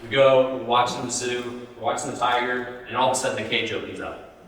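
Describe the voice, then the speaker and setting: A man's voice: medium pitch, little pitch movement, a little fast, fairly bright tone, a little hiss or hum. A man giving a live health talk, speaking conversationally and often putting questions to the audience. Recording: roomy hall, distant mic.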